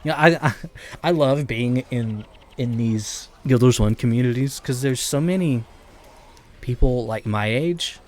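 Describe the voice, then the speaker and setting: A man's voice: medium pitch, a little slow. A man in his late twenties chatting casually on a live stream while gaming, rambling and chuckling often, talking into a streaming mic in his bedroom. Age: late 20s. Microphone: streaming mic with noise gate.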